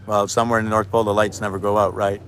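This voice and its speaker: Rambling low-voiced man. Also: little pitch movement, racing, fairly bright tone, slight background noise. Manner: rambling, free-associating, talks to his dogs. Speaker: video maker. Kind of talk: rambling monologue. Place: outdoors with dogs.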